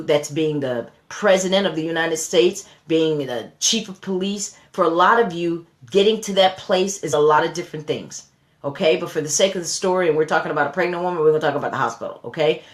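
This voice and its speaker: A woman's voice: fairly low pitch, brisk, echoey room. A woman giving a motivational sermon, repeating phrases and building to fervent emphasis. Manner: preachy, repetitive call-and-response, rising to fervent emphasis. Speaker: motivational speaker.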